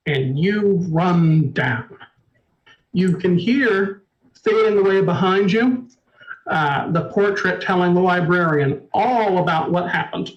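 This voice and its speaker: A man narrating a tabletop game as storyteller, in a measured, descriptive way. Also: high voice, dull audio. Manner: measured, descriptive, apologetic asides.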